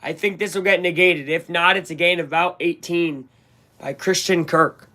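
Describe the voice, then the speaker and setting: A man's voice: on the high side, fairly even intonation, moderate pace, sharp tone. A man giving live play-by-play commentary on a game as a fan, talking in a casual, rambling way and openly voicing his frustration. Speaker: fan watch-along commentator.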